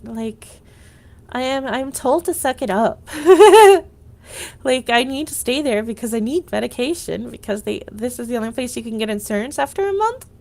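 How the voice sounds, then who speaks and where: A woman's voice: a little high, expressive, moderate pace, vocal fry, a little mellow. A woman livestreaming, venting in a rambling casual monologue, full of "like" and restarts.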